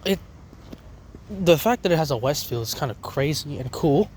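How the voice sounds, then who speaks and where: A young Australian man films himself on an open station platform, rambling between fillers and restarts. His voice sits a little high for a man. Faint outdoor noise is under his phone recording. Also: expressive, moderate pace, darkish tone. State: talking with a lozenge in his mouth. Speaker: trainspotting vlogger. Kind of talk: casual walking commentary.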